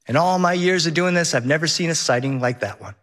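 A middle-aged man telling a comic personal story on stage, vivid and lively, briefly putting on a high whiny voice for his son. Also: fast.

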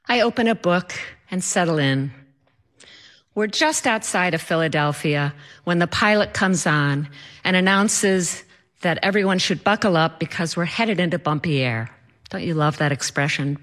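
A woman's voice: lowish voice, fairly bright tone. A woman telling a personal story in a wry, self-mocking way.

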